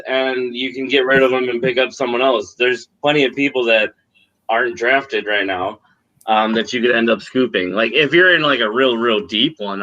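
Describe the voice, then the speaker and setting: A man co-hosting a podcast in casual chat over a video call, laid-back and joking, talking in quick bursts. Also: mid-range voice, sharp tone, muffled recording. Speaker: podcast co-host.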